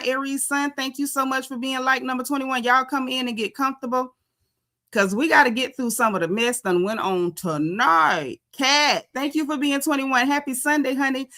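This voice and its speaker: A woman's voice: high voice, sharp tone. A woman hosting a casual live chat, greeting viewers by name in a sassy, chatty way. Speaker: livestream host.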